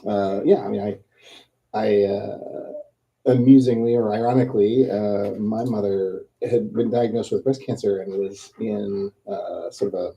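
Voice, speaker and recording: A man from the audience who is invited up and shares a personal memory, hesitant and soft-spoken, with frequent fillers. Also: on the low side, fairly even intonation, a little slow, vocal fry, dull audio. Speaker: audience member. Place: bookstore event room.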